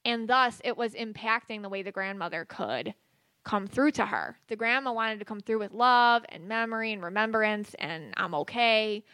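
A woman's voice: mid-range voice, moderate pace, bright, forceful tone, clear, resonant tone, dry recording. A woman hosting a podcast, talking casually with many fillers and restarts. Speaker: podcast host and psychic medium. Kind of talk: casual spoken monologue.

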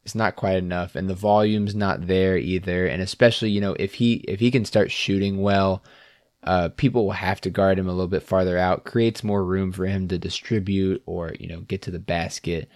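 A man's voice: sits low, moderate pace, no echo, studio quality. A man co-hosting a sports podcast, talking casually and laughing easily. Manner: relaxed, laughs often, trailing off. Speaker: podcast co-host.

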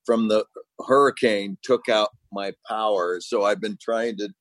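A man's voice: fairly low pitch, fairly even intonation, measured pace, a little hiss or hum. A man chatting as a podcast guest over a phone video call, often chuckling as he talks. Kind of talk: casual podcast chat. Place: home without power.

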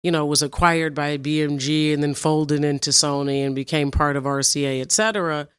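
A woman's voice: deep voice, brisk, clean tone, no echo, studio quality. A woman from Chicago, a music executive, telling candid stories in an interview and acting out the voices of people she quotes. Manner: animated storyteller, acts out quoted voices.

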